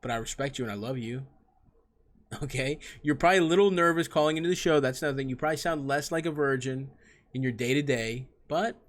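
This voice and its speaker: A man's voice: mid-range voice, fairly quick. A young man hosting a comedy advice show, giving crude, profane and mocking answers to callers.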